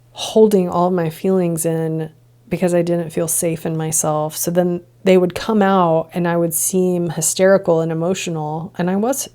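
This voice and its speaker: In a lowish, warm voice with vocal fry, a woman hosts her podcast alone. She's an adult integration coach, past childhood and drinking years, reflecting earnestly in a monologue full of rhetorical questions.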